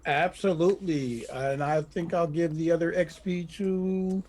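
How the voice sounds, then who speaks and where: A male player jumps into the tabletop game with eager questions and jokey actions, tripping over restarts as he goes. His voice sits on the higher side for a man. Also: steady tone, a little slow, darkish tone, slight background noise. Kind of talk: casual tabletop role-play.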